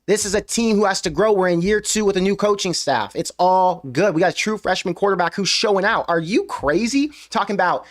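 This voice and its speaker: Emphatic high-voiced young man ranting. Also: a little fast, hardly any pauses. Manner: emphatic, rhetorical questions, venting. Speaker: sports fan show host. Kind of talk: post-game fan reaction rant. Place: US Midwest.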